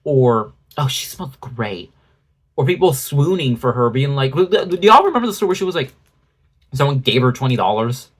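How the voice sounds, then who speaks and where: A man's voice: mid-range voice, big pitch swings, fast talker. A man doing a ranting commentary video, sarcastic and exasperated, with frequent swearing. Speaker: commentary YouTuber.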